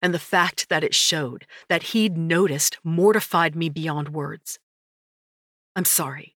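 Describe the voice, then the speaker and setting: Low-voiced woman narrating a story. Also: unhurried, a bit bright, dry recording, clean studio sound. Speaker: audiobook narrator. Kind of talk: scripted first-person narration.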